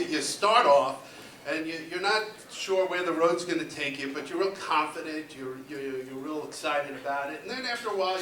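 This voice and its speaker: A man in his fifties doing a stand-up set, halting and full of ums and repeated words, recorded in a club with audience laughter. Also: fairly high pitch. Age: 50s. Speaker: stand-up comedian. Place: comedy club stage. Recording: roomy club sound from a distance with loud crowd.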